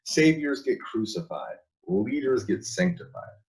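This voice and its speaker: A man's voice: medium pitch, sing-song, measured pace, a crowd in the background, low-quality recording. A man talking as a guest in a casual interview, emphatic, repeating and restarting his words, laughing between points.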